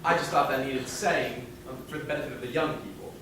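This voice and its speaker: A man's voice: medium pitch, fairly even intonation, fast, close to an everyday voice. An actor on stage playing a wistful man who chats to the audience about his favorite record, in a confiding, rambling manner. Heard from a distance in an echoey hall with room noise. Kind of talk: stage musical performance.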